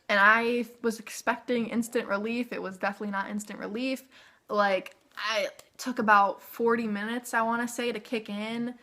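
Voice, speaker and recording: Young woman vlogger, bright tone, casual filler-heavy storytelling. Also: on the high side. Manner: chatty, filler-heavy "like", animated retelling.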